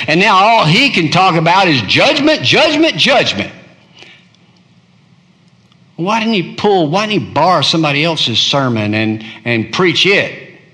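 A man preaching a sermon, swinging between hushed, low murmurs and loud, high-pitched cries. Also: big-room sound.

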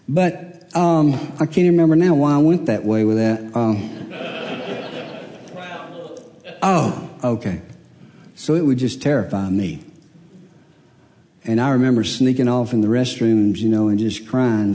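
A man's voice: medium pitch, expressive, moderate pace, warm tone, big-room sound. An older man, preaching a sermon in a church and telling stories about himself in a humorous, self-deprecating way. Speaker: pastor. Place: church sanctuary.

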